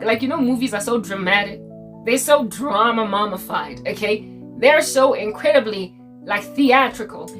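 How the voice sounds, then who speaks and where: A young South African woman with a South African accent, giving a casual, animated Christian talk full of jokes and asides. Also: a little high. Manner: animated, code-switching, jokey. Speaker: Christian video creator. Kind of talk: casual preaching monologue.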